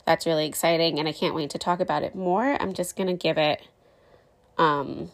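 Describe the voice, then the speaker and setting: With a low, steady voice marked by vocal fry, a woman in her thirties talks fairly quickly on the casual personal podcast she hosts. She's chatty, candid, and emotional, using many "like" and "um" fillers.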